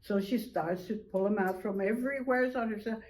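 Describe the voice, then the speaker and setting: An older woman telling a traditional animal story slowly, drawing out repeated phrases. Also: mid-range voice, a little mellow, low-quality recording.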